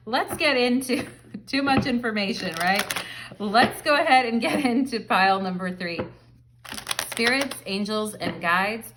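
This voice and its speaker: A woman talks to camera in a chatty, rambling way, filling her tarot reading with "like" and "um". She sounds relaxed and at home, speaking in a mid-range voice. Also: medium pitch. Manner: chatty, rambling, filler-heavy. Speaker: tarot reader. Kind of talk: casual pick-a-card tarot reading.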